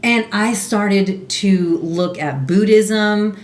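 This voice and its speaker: A woman's voice: medium pitch, very slow. A woman co-hosting a podcast, telling her own story in an earnest, confessional way with many restarts. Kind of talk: casual podcast conversation. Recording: roomy echo.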